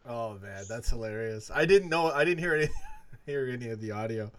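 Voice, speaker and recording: Excitable, stammering male co-host. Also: medium pitch, fairly quick, no echo. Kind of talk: casual live-stream chat. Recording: Skype call audio.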